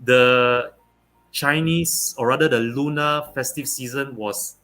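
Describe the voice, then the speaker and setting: A young man from Malaysia, talking football as a guest on a casual online show, pausing often with fillers and restarts. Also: medium pitch, fairly even intonation, pushed and bright, slight background noise. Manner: halting, many fillers and restarts. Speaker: guest pundit.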